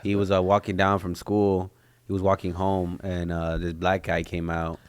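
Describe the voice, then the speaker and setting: A young man with a Californian English accent, co-hosting a casual podcast and reacting bluntly, with sharp jumps in pitch when he is surprised. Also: monotone, normal speed, smooth, dry recording. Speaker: podcast co-host. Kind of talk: casual chat.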